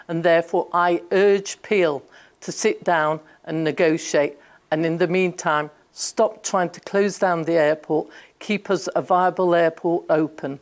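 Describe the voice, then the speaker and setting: A woman's voice: lowish voice, steady tone, a little slow. Firm woman urging action in interview. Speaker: mayor. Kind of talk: recorded interview clip.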